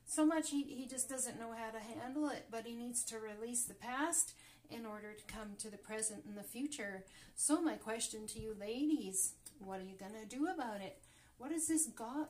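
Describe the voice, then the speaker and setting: A woman reading tarot cards for her viewers, often gasping and exclaiming as cards turn up. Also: on the high side. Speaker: tarot reader. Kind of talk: casual tarot reading to camera.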